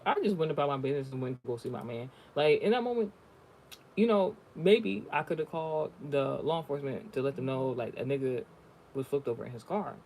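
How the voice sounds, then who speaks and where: In a casual chat, a man offers a spiritual reading, swearing freely and telling stories with blunt candor. He talks a little fast in a medium-pitched, slightly mellow voice, with slight background noise present.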